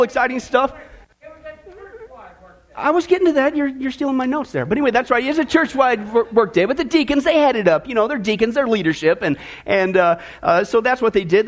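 A man preaching a sermon to his congregation, energetic and folksy, with joking asides and a lot of back-and-forth with the crowd. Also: extremely high pitch, a little fast. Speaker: pastor. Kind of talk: sermon with a joke opener.

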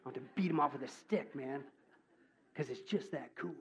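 A man preaching a sermon as pastor, joking and animated, swinging from loud exclamations to hushed asides. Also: medium pitch, moderate pace.

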